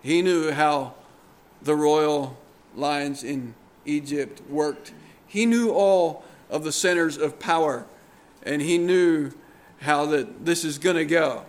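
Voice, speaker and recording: A man preaching a sermon in a deliberate, earnest way, pressing hard on key words. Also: fairly high pitch.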